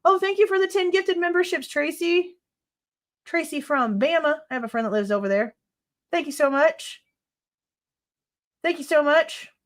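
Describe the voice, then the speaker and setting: A woman's voice: high-pitched, fairly quick. A woman hosting a live true crime stream, reading court documents aloud and ranting in exasperation, swearing freely. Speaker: true crime livestream host.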